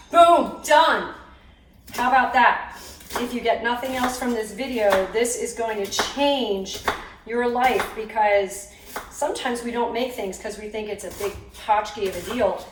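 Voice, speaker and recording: A woman hosting a casual cooking demonstration in her home kitchen, chatty and upbeat, teary-eyed from cutting onions and laughing at herself. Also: on the high side. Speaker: cooking video host. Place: home kitchen, roomy and echoey. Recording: echoey kitchen, mic far off, cooking noise. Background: clatter of knives, pots and dishes.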